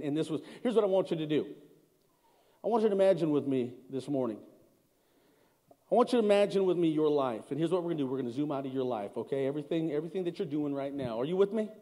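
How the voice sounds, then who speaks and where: Male pastor, higher register, emphatic sermon with call-and-response, big echoing sanctuary. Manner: swings from loud emphatic lines to low slow ones. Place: large church hall. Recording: long church reverb. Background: congregation.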